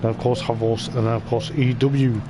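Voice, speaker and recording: Fairly quick and level in tone, a medium-pitched male voice provides meandering, conversational live commentary for an online racing league. The game's car engine sounds come through clearly behind him.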